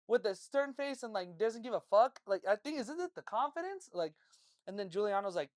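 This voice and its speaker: A woman co-hosting a casual chat, telling a story in an animated way, swearing and laughing a lot. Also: medium pitch, a little fast, no room sound, clean studio sound. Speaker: podcast co-host.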